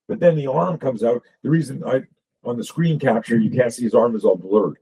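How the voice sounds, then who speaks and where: A man, a self-defense coach, explaining drills while sharing slides on a video call, blunt and profane in an animated way. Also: medium pitch, a little fast, slightly rough, lo-fi sound.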